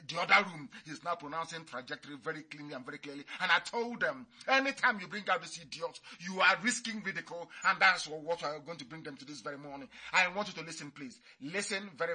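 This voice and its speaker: A man's voice: a little high, pushed and bright, breathy edge. A man giving a fiery, mocking radio address, repeating his points. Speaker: radio broadcaster.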